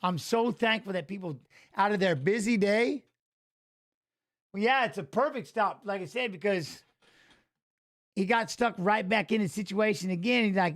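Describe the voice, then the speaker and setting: A man's voice: sits high, normal speed, pauses often, fairly bright tone. A man giving casual, rambling commentary on a live fight watch-along, chatting with viewers as he watches. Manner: rambling, talks to chat viewers, emotional.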